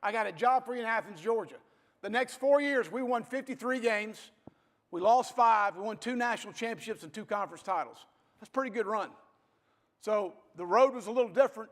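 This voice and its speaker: A football coach in his fifties with a rather high voice tells stories to an audience in a blunt, folksy manner. His motivational speech echoes through a reverberant hall.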